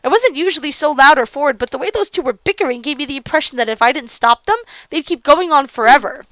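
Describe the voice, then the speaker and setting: A woman's voice: high voice, expressive, fast, fairly bright tone, dry recording. A woman streamer reading a visual novel aloud and reacting with gasps and laughs. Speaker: let's play streamer.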